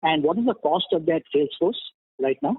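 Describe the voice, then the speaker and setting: A man, an analyst, asking questions on an earnings call, lively, with many fillers. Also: on the high side, fairly quick, a little hiss or hum. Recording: dry tinny phone line.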